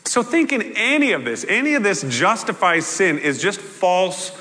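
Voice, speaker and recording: A male pastor preaching a sermon in a conversational, animated way with playful asides. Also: sits high, moderate pace. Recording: echoey hall with long reverb.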